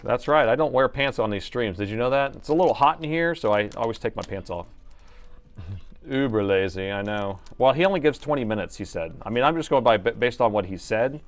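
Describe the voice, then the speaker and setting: A middle-aged man rambles and jokes on a laptop repair live stream as he works in his workshop, thinking aloud and slipping into an announcer voice now and then. His medium-pitched voice has lively intonation and a fairly quick pace.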